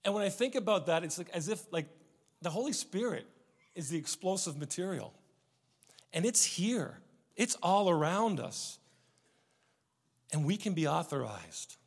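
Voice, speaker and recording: A man's voice: on the high side, vocal fry. Preaching man in a reverberant hall. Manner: animated storytelling with repeated restarts, swinging from loud to hushed. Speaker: pastor. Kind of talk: sermon.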